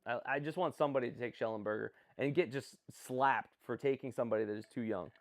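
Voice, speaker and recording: This time a man speaks at medium pitch and a quick pace. Hosting an informal stream, he chats with viewers and reacts to picks, rambling along with jokey, self-deprecating remarks.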